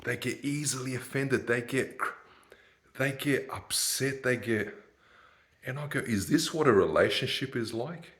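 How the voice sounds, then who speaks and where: A man's voice: medium pitch, measured pace, fairly bright tone. A man, ranting in a rambling, sardonic monologue and laughing at his own jokes. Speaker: vlogger.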